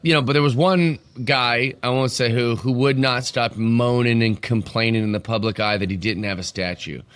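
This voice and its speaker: Musing podcast co-host, dry sound. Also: male voice, medium pitch, normal speed, fairly bright tone, clear, resonant tone, no room sound. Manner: thoughtful, rambling, musing aloud. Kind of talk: casual chat.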